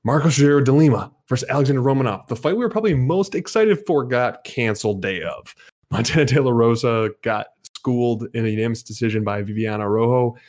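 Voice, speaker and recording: A man's voice: mid-range voice, expressive, fast talker, darkish tone. A man hosting a live sports betting podcast, talking in a chatty, rambling way as he runs through plugs and fight results. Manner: chatty, rambling promo talk. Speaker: podcast host.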